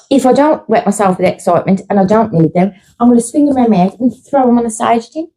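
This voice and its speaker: Podcast co-host: middle-aged woman, excitable and gushing, voice sits a little high. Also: fast, few pauses, rough recording. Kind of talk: casual chat.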